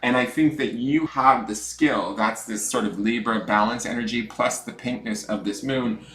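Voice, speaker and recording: A man hosting a casual tarot livestream from home, chatty and self-mocking, swinging between loud greetings and mumbled asides. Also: mid-range voice, moderate pace, reverberant. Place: room at home with dogs snoring nearby.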